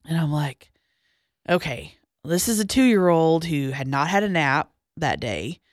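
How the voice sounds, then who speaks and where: A young woman telling a personal story as a podcast guest, halting, with restarts and pauses, going quiet at the hardest parts. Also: low voice, very animated, dry recording, studio quality. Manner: halting, with frequent restarts and trailing-off lines, dropping quiet at hard moments.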